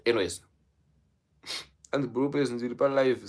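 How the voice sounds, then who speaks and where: Celebrating a subscriber milestone, this young adult Zimbabwean vlogger speaks very slowly with frequent pauses, at medium pitch and with fairly even intonation. A native Shona speaker, they switch between Shona and English within sentences.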